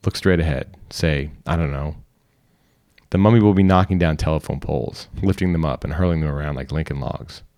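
A man reading a short story aloud in calm, instructional second person. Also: extremely low pitch, fast, hardly any pauses. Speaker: reader. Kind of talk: scripted narration.

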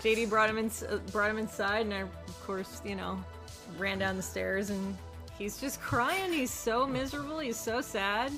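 A woman's voice: mid-range voice, moderate pace, over music. A woman chatting casually on a show, telling a story with giggles. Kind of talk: casual chat.

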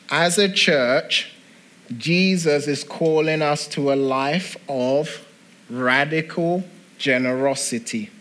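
A man pastor delivering a sermon, deliberate and repetitive, asking the congregation rhetorical questions. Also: medium pitch, fairly bright tone.

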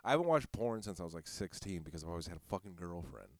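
A man's voice: deep voice, animated, quick pace, no room sound. Profane man telling a story. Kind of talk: casual storytelling.

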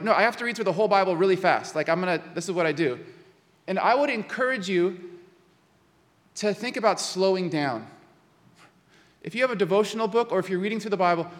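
A man preaching in an easy, conversational way, with a high voice and a long reverb trailing each phrase. He stumbles and repeats words, then slows down and softens on the words that matter most. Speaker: pastor. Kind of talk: sermon.

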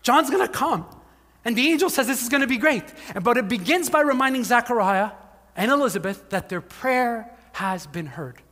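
A male pastor preaching a sermon, telling the story with animated asides and acted-out voices, often saying "like". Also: extremely high pitch, moderate pace. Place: church hall. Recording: long hall reverb.

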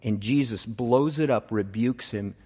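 A man preaching a sermon, telling the story in an animated way with casual asides to the congregation. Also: mid-range voice, measured pace. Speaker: pastor. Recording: long reverb in a large hall.

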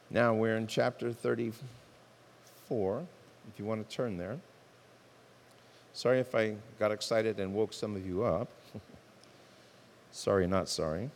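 Impassioned preacher in an echoing church. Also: male voice, fairly low pitch, fairly even intonation, slow, creaky, long pauses, slight background noise. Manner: impassioned, swings from loud emphatic outbursts to soft earnest tones. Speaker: pastor. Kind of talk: sermon. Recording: reverberant hall.

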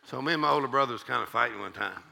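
Gravelly, bright-voiced man preaching a sermon. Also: medium pitch, racing, slight background noise. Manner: fiery, shouting exhortation, then folksy storytelling with laughs. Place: church service.

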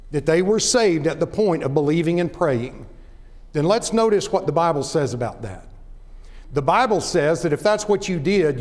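A man preaching a sermon, earnest and deliberate, telling a personal story with frequent restarts. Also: on the high side, in a large hall.

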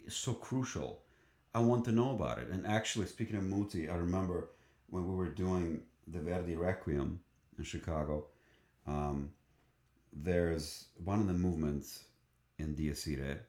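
A man's voice: low-pitched, roomy sound. A man who sings in a choir, telling an enthusiastic story in conversation, often restarting his sentences. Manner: enthusiastic, halting with many restarts and fillers. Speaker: choral singer.

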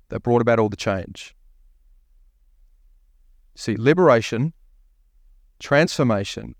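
A man's voice: medium pitch, lively intonation, slow pace, pauses often, no room sound. Man preaching in a dry room. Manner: preaching with rhetorical questions to the congregation; reads scripture aloud, voicing the prophet's lines. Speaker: pastor. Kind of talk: sermon.

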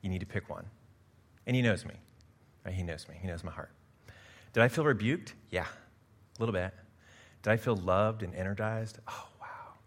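Low-voiced male pastor preaching with fervor. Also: moderate pace, long pauses. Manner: swings from quiet confiding asides to loud emphatic preaching; self-deprecating, laughs at himself. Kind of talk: sermon.

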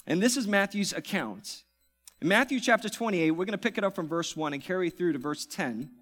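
A man preaching a sermon as pastor, swinging from loud, excited passages to hushed, reverent ones. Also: sits high, brisk, faint music behind.

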